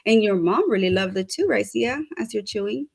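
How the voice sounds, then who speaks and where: A woman co-hosting a talk show, chatting casually and upbeat as she gives many shout-outs. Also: mid-range voice, lively intonation, normal speed, vocal fry, breathy edge. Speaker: co-host. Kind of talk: casual chat.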